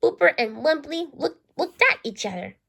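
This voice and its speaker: A woman reads a children's storybook aloud in a high, lively voice. She trips and restarts often, repeating words as she goes, with a gravelly catch in her tone. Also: moderate pace. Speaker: storybook reader. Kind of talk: reading a children's book aloud.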